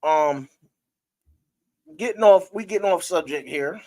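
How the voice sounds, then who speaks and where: A man's voice: high voice, unhurried, mellow. A man hosting a casual live-stream sports talk show, talking loosely with his viewers and breaking into laughter.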